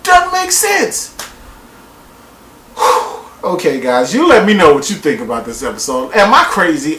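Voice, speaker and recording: A woman reviewing a TV show in a casual vlog, talking in a loud, profane way and mocking people with put-on voices. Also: sits low, a little slow, pauses often, echoey room, recorded from a distance, rough recording. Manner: animated, profane, mocks people by quoting them in put-on voices.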